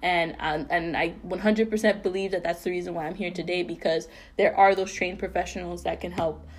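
A young woman co-hosting a podcast, telling a painful personal story in an earnest, halting way full of fillers and restarts. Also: fairly low pitch, fairly even intonation. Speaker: podcast co-host.

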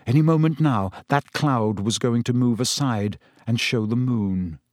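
A man reading a fantasy novel aloud in steady, measured storytelling narration. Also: mid-range voice, no echo, clean studio sound. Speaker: audiobook narrator. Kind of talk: scripted narration.

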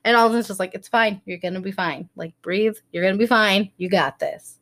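A woman's voice: mid-range voice, brisk, hardly any pauses, a bit bright. A woman in her thirties co-hosting a podcast, telling a story in casual chat with lots of laughter and acted-out quotes. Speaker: podcast co-host.

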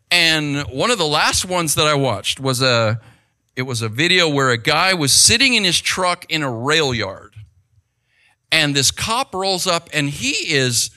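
Middle-aged man, very bright and lively, storytelling monologue that keeps checking in with the listener. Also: a little high. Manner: animated storytelling, rhetorical check-ins with the listener. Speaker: speaker giving advice. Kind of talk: conversational monologue.

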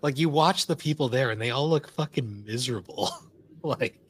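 A man's voice: medium pitch, moderate pace, husky. A man co-hosting a podcast in casual chat, rambling with lots of fillers and laughing often. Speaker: podcast co-host.

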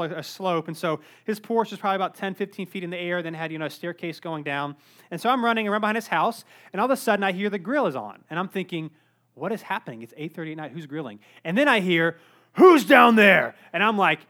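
Young male pastor, high voice, animated sermon storytelling, joking asides. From North Carolina, USA. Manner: animated storytelling with self-deprecating humor.

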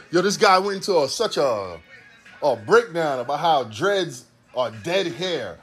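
A man's voice: high-pitched, animated, moderate pace, soft background music. A man in his forties from Ohio, hosting a casual monologue in a profane, rambling way with a preacher-like cadence. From Ohio, USA. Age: 40s. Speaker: podcast host.

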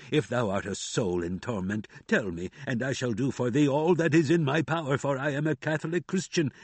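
A solemn, gallant old knight from a storybook, speaking in stately, archaic phrases, as a male narrator puts him on. The voice is husky and dry and close to the mic, with ordinary pitch for a man. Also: no room sound, close to an everyday voice. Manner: archaic, ceremonious speech.

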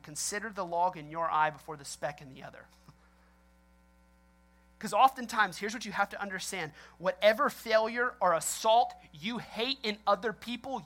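A male pastor delivering a sermon with lively, animated storytelling. He laughs often and acts out people's reactions as he speaks. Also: high voice.

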